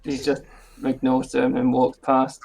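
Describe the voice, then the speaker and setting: Man, tabletop player, matter-of-fact, flat delivery, gravelly, husky. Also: mid-range voice, unhurried, rough recording. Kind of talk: declaring his character's actions.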